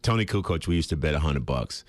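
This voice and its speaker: A man in his thirties, a former pro basketball player, telling relaxed stories as a guest on a sports radio show and laughing easily. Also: a bass voice, fast, dry recording. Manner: laid-back storytelling, laughs easily. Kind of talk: casual sports radio chat. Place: radio studio. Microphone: studio microphone.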